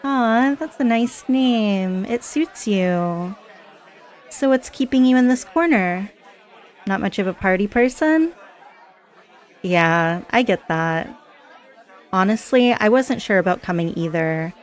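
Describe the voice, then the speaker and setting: A woman's voice: medium pitch, animated, slow pace, long pauses, some chatter behind. A woman playing a chatty, giggly party girl. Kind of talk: scripted audio role-play.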